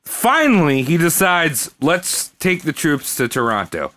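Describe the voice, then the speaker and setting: A man's voice: a little high, very animated, a little slow, fairly bright tone. A man casually retelling a history story to friends, rambling, swearing freely and laughing along. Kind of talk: casual comedic history chat.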